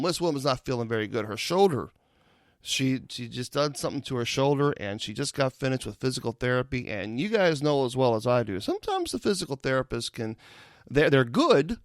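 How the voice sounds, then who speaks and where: Lively male host, dry close sound, reads out comments, exclaims a lot. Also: medium pitch, moderate pace, dry recording. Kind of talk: live show chat.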